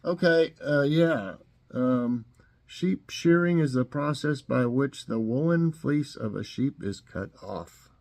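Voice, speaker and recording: A man's voice: mid-range voice, slow pace, gravelly, darkish tone. A middle-aged man with a Southern US accent hosts a casual trivia break, taking his time over every word. He laughs at his own jokes and pokes fun at the wrong answers. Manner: joking, chuckling, acts out silly answers. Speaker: host.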